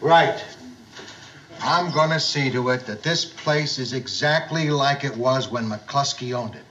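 An actor playing a gruff middle-aged boss turned overeager bar host, in 1970s sitcom style. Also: male voice, mid-range voice, a little slow, pushed and bright, dull audio, slight background noise. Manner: forced, overeager cheerfulness. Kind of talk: 1970s studio sitcom acting.

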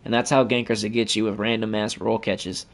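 A man's voice: fairly low pitch, flat delivery, fairly quick. A man giving profane, trash-talking commentary over his own gameplay as the channel host.

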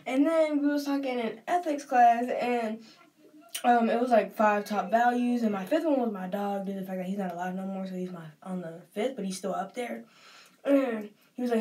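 A woman's voice: medium pitch, a little fast, dark tone, far from the mic, slight background noise. Rambling young woman vlogger. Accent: Southern US. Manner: rambling and emotional, often says "like". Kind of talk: casual chat while getting ready.

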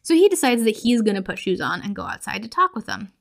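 A chatty young woman recaps a horror film for her podcast in an easy, conversational way. She laughs often and slips into quick quoted lines for each character. Her voice sits at a middle pitch for a woman. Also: big pitch swings, creaky. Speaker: podcast host. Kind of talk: casual movie recap.

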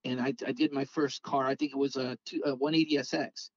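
A man, a podcast guest telling a rambling, animated story and acting out the dialogue. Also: mid-range voice, fairly quick, no room sound, highs cut off. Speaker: podcast guest, scale model car artist. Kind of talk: casual storytelling chat.

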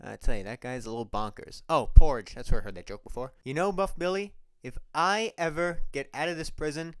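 A man's voice: a little high, a little fast, clean tone, dry recording, studio quality, close to an everyday voice. A man voicing a goofy, clueless young man who rambles with easy self-assurance. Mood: rambling.

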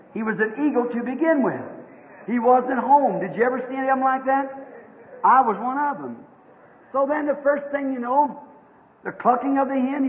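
A man preaches a fervent revival sermon in rhythmic waves that break into shouts. His voice sits very high for a man. The tinny, phone-like old tape carries a long echo through a large meeting hall.

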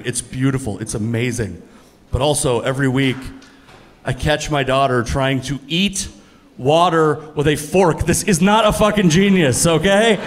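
Thirtysomething guy doing standup, kinda high voice, deadpan then yelling the punchlines, swears a lot. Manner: deadpan, profane, builds to loud exasperated punchlines. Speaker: stand-up comedian. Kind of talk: stand-up comedy set. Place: comedy venue with live audience. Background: audience laughter.

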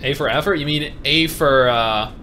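A man streaming a game, chatting in an animated, joking way with frequent swearing. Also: medium pitch, moderate pace, noisy background. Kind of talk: casual gaming stream chat.

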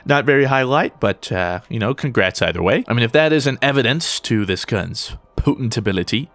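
A young man giving excitable, jokey commentary over his own gameplay, shouting at opponents. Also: mid-range voice, fairly quick, dry recording. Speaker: gaming YouTuber.

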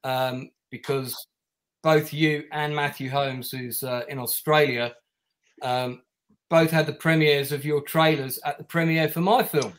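A man hosting a casual online interview, talking loosely with many fillers and pauses. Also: a little high, fairly even intonation, fairly bright tone. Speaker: interview host. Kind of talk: casual video-call interview.

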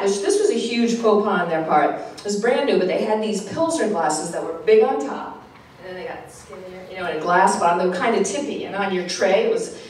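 A woman from Rhode Island with a Rhode Island accent, telling a personal story on stage in an animated, laughing, self-mocking way. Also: medium pitch, slight background noise. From Rhode Island, USA. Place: live storytelling show. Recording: echoey live venue from far off.

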